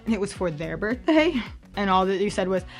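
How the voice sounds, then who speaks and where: A young adult woman hosting a campus ministry podcast in a chatty, bubbly way, full of fillers and with high-pitched quoted voices. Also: very animated, fairly quick, faint music behind. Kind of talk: casual chat.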